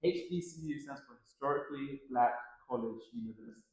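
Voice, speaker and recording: A man in his thirties, a tennis coach chatting easily as an interview guest, with lots of fillers and quick laughs. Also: mid-range voice, very echoey. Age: 30s. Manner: relaxed, filler-heavy, laughs often. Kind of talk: casual interview chat.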